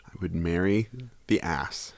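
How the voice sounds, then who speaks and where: A man's voice: low-pitched, unhurried, vocal fry, no echo, clean studio sound. A man co-hosting a podcast, trading jokes in casual chat on a headset mic. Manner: joking, playful. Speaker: podcast co-host.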